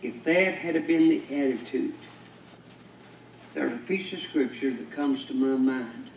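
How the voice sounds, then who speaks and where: A man's voice: medium pitch, unhurried, darkish tone, dull audio, a little hiss or hum. A pastor preaching a sermon, pressing his points with rhetorical questions and emphatic declarations to a congregation. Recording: echoey church from far off.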